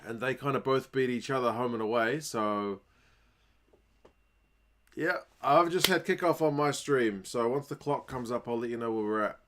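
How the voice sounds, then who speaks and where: Brief: New Zealand man, stream host, mid-pitched, chatty, reacts loudly to plays. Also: normal speed, a little hiss or hum. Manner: chatty, reads viewer comments, bursts of excitement at plays. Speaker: livestream host. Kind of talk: casual watchalong chat.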